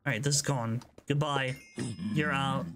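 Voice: medium pitch, fairly even intonation, unhurried, background noise. A gaming video creator giving casual gameplay commentary, jittery and repeating phrases over and over when flustered, with nervous laughs.

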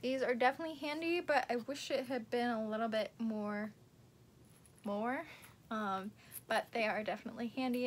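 A woman's voice: fairly high pitch, moderate pace, a little hiss or hum. A young woman chatting casually as she unboxes book merchandise, gushing and easily awed.

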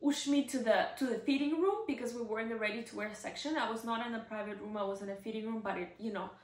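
A woman vlogger telling a personal story to camera in a chatty, excitable way, full of "like" fillers. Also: fairly high pitch, fast talker. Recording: roomy echo.

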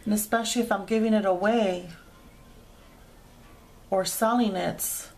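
A woman's voice: medium pitch, steady tone, a little slow, a little mellow. A woman hosting a craft tutorial, chatting casually as she explains each sewing step with frequent fillers.

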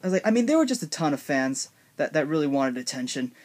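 A man's voice: fairly high pitch, big pitch swings, fast, a little mellow. A young man casually narrating a made-up story, rambling with many fillers and restarts.

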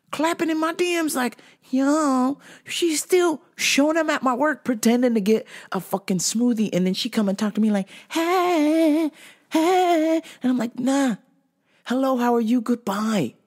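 A woman hosting a podcast, ranting profanely through a casual solo monologue and telling stories with lots of energy. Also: medium pitch. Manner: profane, ranting, animated storytelling. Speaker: podcast host.

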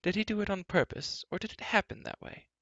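An eager, high-pitched young prince. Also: male voice, fairly quick, bright, forceful tone, dry recording, highs cut off. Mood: curious. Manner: eager, curious. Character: curious young male prince, eager and naive.

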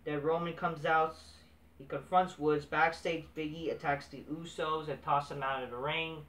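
A man's voice: on the high side, steady tone, moderate pace, a bit bright, distant mic. A man recapping a wrestling show in a casual, profane, dismissive way, swearing constantly. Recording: echoey room, off-mic.

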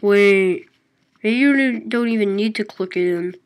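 A woman gaming YouTuber giving casual gameplay commentary, excitable, swinging from low mumbling to loud outbursts. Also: a little slow, low-quality recording. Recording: loud background noise.

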